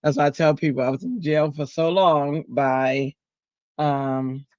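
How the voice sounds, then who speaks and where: A man's voice: a little high, fairly even intonation, measured pace, darkish tone, dry recording, lo-fi sound. A middle-aged man hosting a crafting livestream, chatting casually, telling stories with animation and laughing often.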